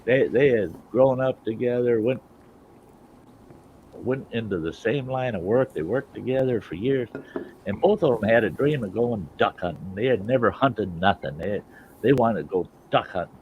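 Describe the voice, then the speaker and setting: A man's voice: lowish voice, animated, normal speed, narrow, tinny audio, slight background noise. A man telling jokes in casual chat, swearing freely and laughing at his own punchlines.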